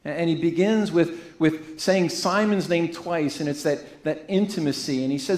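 Pastor guy preaching, kinda high voice, earnest, church echo all around. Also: darkish tone. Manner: earnest, pauses and restarts phrases. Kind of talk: sermon with scripture reading. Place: church sanctuary. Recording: echoey church room.

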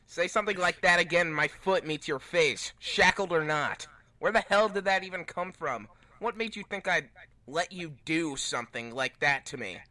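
Bright-voiced man reading a fan story. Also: fairly high pitch, normal speed. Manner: playful, swears and laughs. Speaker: fan dub reader voicing Sonic. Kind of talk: casual group reading of a fan fiction.

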